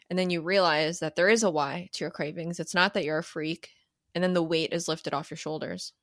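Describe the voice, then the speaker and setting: A woman in her thirties talks straight into the mic on her own podcast, candid and emphatic, dropping casual swear words as she coaches. Her voice sits on the low side, and the recording is close and dry with no room sound. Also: a bit bright, no echo. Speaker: podcast host and cravings coach. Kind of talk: solo podcast monologue.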